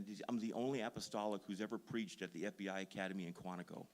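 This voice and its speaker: A man from Minnesota preaching a sermon in a storytelling, self-deprecating way, building to loud emphasis at times. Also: low-pitched, steady tone, very fast. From Duluth, Minnesota. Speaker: pastor. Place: church sanctuary.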